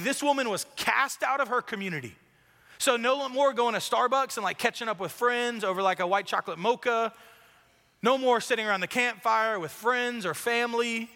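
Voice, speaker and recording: A man's voice: sits high, bright, forceful tone. A young man, preaching an earnest, casual sermon to a large church congregation and often saying "like". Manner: earnest, casual, many filler "like"s. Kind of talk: conversational sermon. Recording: long hall reverb.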